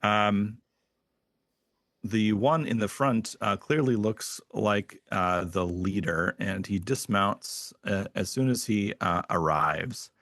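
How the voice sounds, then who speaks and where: A man narrating a tabletop game as game master, halting and full of fillers. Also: on the low side, a bit bright, no room sound. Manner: halting, with many fillers and restarts.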